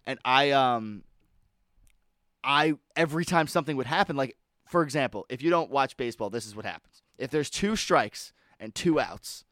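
A young man co-hosting a casual chat, excitable, swearing and laughing often as he tells stories. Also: medium pitch, moderate pace, dry recording, studio quality. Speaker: podcast co-host.

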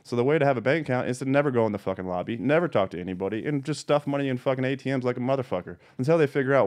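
A man's voice: medium pitch, lively intonation, rapid-fire, few pauses, darkish tone. A man hosting a podcast, a cannabis grower going on a heated, profane rant and swearing constantly. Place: home.

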